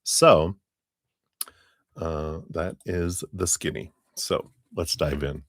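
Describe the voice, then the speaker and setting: A man with a very low voice hosts a live tarot stream, chatting casually and warmly greeting viewers one by one. His sound is dry and close, with no room echo. He chuckles easily between names. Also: fairly even intonation, takes it slowly. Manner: friendly, greets viewers by name, chuckles often.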